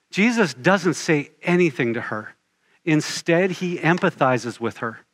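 A man delivering a sermon with an earnest, steadily building cadence. His speaking voice sits on the high side for a man, and he drives his points home by repeating short phrases. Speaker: preacher.

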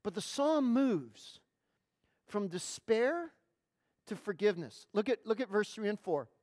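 A woman preaches to a gathered congregation in a steady, mid-pitched voice. She leans hard on key words, drawing them out slowly, and often restarts a phrase before pushing on. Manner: emphatic, stretches key words, frequent repeated starts. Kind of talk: sermon. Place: in front of a congregation.

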